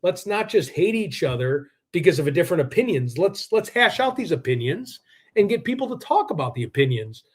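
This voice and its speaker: A man hosting a live true-crime stream in a rambling, combative way. His voice sits a little higher than most men's. He fills his talk with "like" and restarts. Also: big pitch swings, brisk, husky. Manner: rambling, combative, heavy use of "like".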